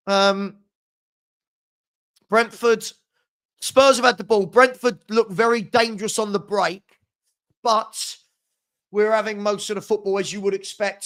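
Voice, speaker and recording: His voice sits high and sounds a little bright as he hosts a live fan watchalong. The man narrates the match from a partisan angle, visibly fed up with his own team's mistakes.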